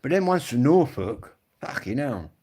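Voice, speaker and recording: A man's voice: medium pitch, very animated, unhurried, dark tone, breathy edge. A man, rambling and swearing freely as he chats casually to viewers on a live stream. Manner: rambling, swearing, blokey storytelling.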